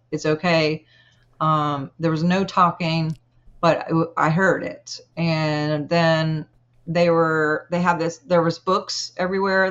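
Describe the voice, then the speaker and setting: A woman guest telling a personal story in an interview, earnest and halting, with many pauses. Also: low voice, highs cut off.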